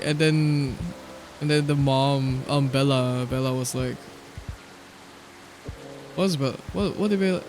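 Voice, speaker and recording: A male streamer chatting casually while playing a game, excitable and quick to swear, sometimes reading the game's dialogue aloud. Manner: chatty and excitable, jumps high in pitch when surprised, swears casually. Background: faint background music.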